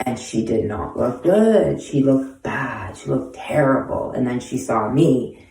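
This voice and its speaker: A woman's voice: very deep voice, expressive, a little slow, warm tone. Blunt, foul-mouthed woman in an echoey room. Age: 40s. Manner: blunt, heavily profane, street slang. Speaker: host answering viewer questions. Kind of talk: casual storytelling monologue. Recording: echoey room, voice far from mic.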